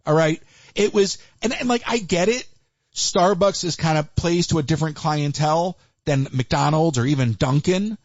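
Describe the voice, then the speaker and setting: A man hosting a live call-in stream, chatty and animated, with Yiddish asides. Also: on the high side, moderate pace, no echo. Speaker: livestream host taking calls. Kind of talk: casual chat. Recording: dull lo-fi livestream audio.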